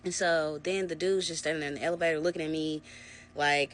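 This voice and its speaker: A young adult woman narrating a personal story to her viewers in a casual, animated storytime vlog. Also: low-pitched, fast. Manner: animated, conversational storytelling, addressing viewers as "y'all". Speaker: vlogger.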